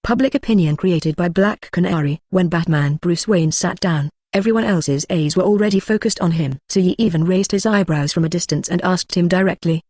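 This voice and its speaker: A text-to-speech voice narrating a translated web novel as an audiobook, with a flat, even delivery that reads punctuation aloud. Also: mid-range voice, fairly quick, few pauses, no room sound, clean studio sound. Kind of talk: scripted narration.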